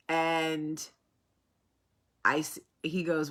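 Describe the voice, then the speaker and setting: A woman from New Jersey with a heavy New York accent, hosting a casual talk show and telling funny stories, animated and swearing freely. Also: low-pitched, takes it slowly, long pauses. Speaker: host. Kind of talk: casual storytelling chat.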